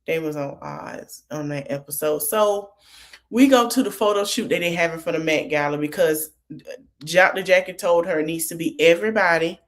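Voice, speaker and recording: With a voice on the low side and a normal speaking speed, a woman hosting a podcast gives a casual recap of a TV episode. She goes scene by scene, quoting each line of dialogue, chatty and loose with lots of fillers.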